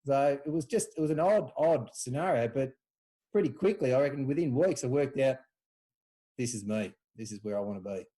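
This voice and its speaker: A man's voice: medium pitch, fairly quick. An Australian man telling old club stories in casual chat, acting out what people said in a raised voice. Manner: animated storyteller, acts out quotes in a raised voice. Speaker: podcast guest, former club footballer.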